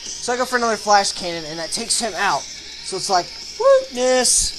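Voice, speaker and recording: A young man narrating his online game battles as a channel host, energetic and breaking into loud excited shouts. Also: sits high, fast talker, poor audio. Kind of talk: excited battle commentary over gameplay video. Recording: voice-over with faint background music.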